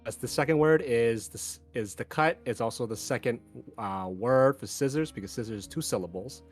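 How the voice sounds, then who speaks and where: A man's voice: mid-range voice, brisk. Man, caller, from New York, confident and joking, voice call, faint music. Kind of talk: casual chat on a voice call.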